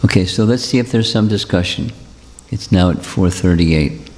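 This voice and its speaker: A low, gravelly man teaches at a devotional gathering, circling back over his points in a gentle, reassuring way. His mellow voice rings with the long reverb of a big hall. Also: normal speed, a little hiss or hum. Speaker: spiritual teacher. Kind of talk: devotional talk with questions.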